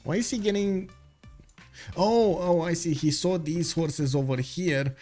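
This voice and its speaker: A man with a slightly high voice casting a strategy game live, full of fillers and restarts, reading chat messages aloud as he goes. His voice is getting worn and he says he is losing it. Faint music runs under him. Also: a little slow, mellow. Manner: rambling, filler-heavy, reads chat aloud. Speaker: esports caster.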